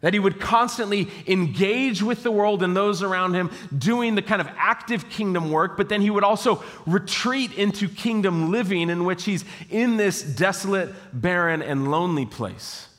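Male pastor, higher voice, bright tone, long hall reverb, conversational sermon. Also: normal speed, hardly any pauses. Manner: conversational, reflective, frequent "right?" asides.

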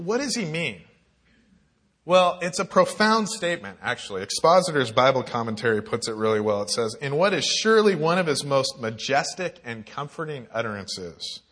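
A young man preaches with a bright, forward tone, speaking in an earnest, conversational way. He reads scripture aloud and then talks it through at a mid pitch, like a campus minister addressing a church. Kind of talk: sermon.

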